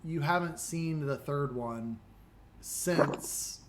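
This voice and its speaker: A man narrating as dungeon master, describing the scene in a relaxed, halting way. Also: fairly high pitch, noisy background. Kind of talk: narrating a tabletop game.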